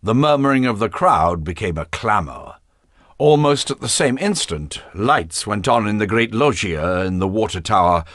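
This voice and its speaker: Give me a slow male audiobook narrator with a dry close recording. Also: fairly low pitch, a bit bright, dry recording. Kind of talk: scripted narration.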